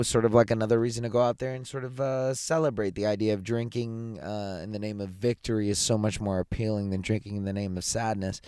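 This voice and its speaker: A man's voice: fairly low pitch, darkish tone, smooth, no echo, clean studio sound. A man filling in as podcast host and producer, talking casually and sleepily, rambling with many fillers and restarts. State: tired, yawning late at night. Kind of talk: casual solo podcast talk.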